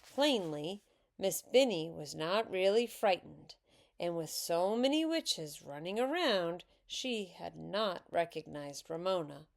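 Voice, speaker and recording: Woman reading a children's book aloud, slow and lively in pitch. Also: gravelly. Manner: expressive, unhurried. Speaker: reader.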